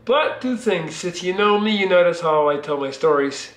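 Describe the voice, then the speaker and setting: A man's voice: high-pitched, animated, normal speed, fairly bright tone, echoey room. A Belgian man, telling a long, rambling personal story in a casual vlog from his living room, swearing freely. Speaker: vlogger.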